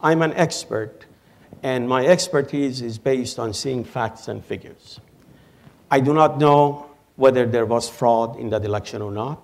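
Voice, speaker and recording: Man, panel expert, lecturing, measured, dry humor, mid-pitched voice. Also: gravelly, a little mellow. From Iran. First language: Persian. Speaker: panel guest, Iran expert. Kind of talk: panel discussion answer. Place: auditorium with audience.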